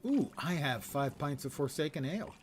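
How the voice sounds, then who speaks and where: A man's voice: on the high side, expressive, normal speed, soft background music. Older man chatting through gameplay. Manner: chatty, wry, muttering asides to chat. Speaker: game streamer. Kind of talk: casual gameplay commentary.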